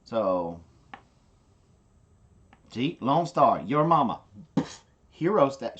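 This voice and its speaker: A woman's voice: extremely low pitch, big pitch swings, slow pace, muffled recording. A woman, chatting casually and rambling on her live stream, with giggly asides. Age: adult, a parent. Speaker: livestream host.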